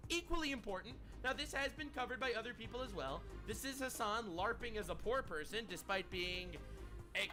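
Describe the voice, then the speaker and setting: A man's voice: very high voice, expressive, a little fast, over music. A man hosting a stream, giving mocking, sarcastic reaction commentary. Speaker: stream host.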